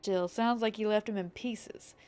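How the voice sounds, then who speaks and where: Gruff pirate guild master, put on by a woman streamer: rough drawl, southern lean, game dialogue read aloud. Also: medium pitch, steady tone, normal speed, a little mellow, faint music behind, natural voice.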